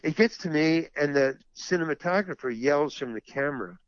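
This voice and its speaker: Man, actor and stand-up comic, lively storytelling, acts out the voices of others, slightly high, dull dry recording. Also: normal speed, dry recording. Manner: animated, acts out other people's lines. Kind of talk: anecdotal storytelling in an interview.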